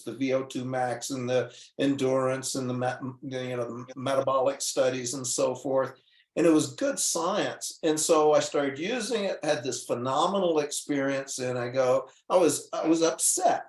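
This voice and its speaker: A man, a guest doctor, telling his story in casual talk, earnest and animated, acting out the dialogue as he goes. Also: fairly high pitch, echoey room. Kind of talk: casual storytelling on a call-in show.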